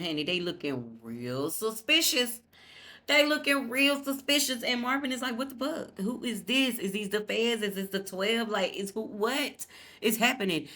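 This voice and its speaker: A woman recaps a TV episode in a loose, gossipy chat, swearing freely and talking right to her viewers. Her voice sits a little low for a woman. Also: pushed and bright. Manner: chatty, gossipy and profane, addressing viewers directly. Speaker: TV recap vlogger.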